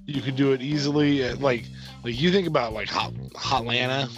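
A man's voice: mid-range voice, brisk, faint music behind. A man co-hosting a podcast, casual and hesitant, full of fillers as he thinks aloud. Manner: hesitant, lots of um and like. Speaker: podcast co-host.

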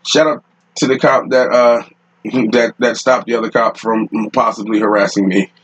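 A man's voice: mid-range voice, fairly even intonation, moderate pace, fairly bright tone, husky, rough recording. A man hosting a podcast, telling a rambling, profane story in casual talk, often laughing, recorded in a room at home. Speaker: podcast host.

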